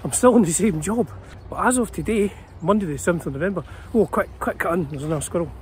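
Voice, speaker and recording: A Scottish man in his fifties with a slightly raised pitch, rambling casually on a vlog. He talks outdoors in a small city park, with faint traffic noise behind him. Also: fast. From Scotland. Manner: chatty and meandering, with many fillers and restarts. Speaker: guitar channel host.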